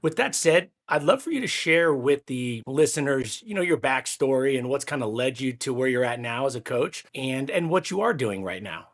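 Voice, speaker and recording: A man's voice: mid-range voice, expressive, moderate pace, few pauses. A man in his forties hosting a baseball coaching podcast, talking in an enthusiastic, conversational way. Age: 40s. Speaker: podcast host. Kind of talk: casual podcast talk.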